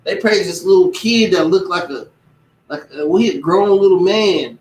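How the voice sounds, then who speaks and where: Man, somewhat high voice, animated casual teacher who slips into impressions, recorded far off in a roomy space. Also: normal speed. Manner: animated, mimics other people's voices. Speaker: religious teacher. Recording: echoey room, distant mic.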